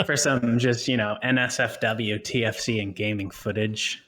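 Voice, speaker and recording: Low-voiced joking male game co-caster. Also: steady tone, measured pace, fairly bright tone. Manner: joking and laughing often between play-by-play. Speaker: co-host and game commentator. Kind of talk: live esports commentary.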